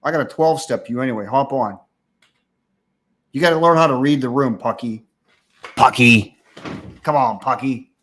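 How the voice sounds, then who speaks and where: A man's voice: mid-range voice, brisk, long pauses. Give me a crude, mocking livestream host, a man. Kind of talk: casual livestream rant.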